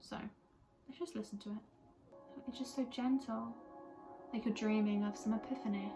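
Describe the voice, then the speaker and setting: A woman's voice: mid-range voice, steady tone, normal speed, over music, low-quality recording. Gushing, chatty young woman vlogger. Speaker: music vlogger. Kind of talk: casual chat reviewing an album.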